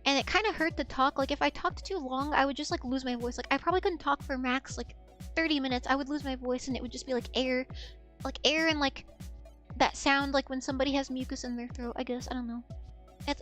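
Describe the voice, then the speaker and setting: A young woman streamer, her voice sitting high and a bit bright, rambles candidly through a casual stream chat. She keeps trailing off with "I don't know" again and again.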